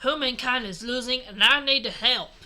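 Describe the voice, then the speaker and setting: A woman's voice: a little high, moderate pace, bright, forceful tone. A woman voicing an earnest young male rebel hero in a put-on Southern drawl, reading a fanfic aloud with dramatic delivery. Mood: defiant.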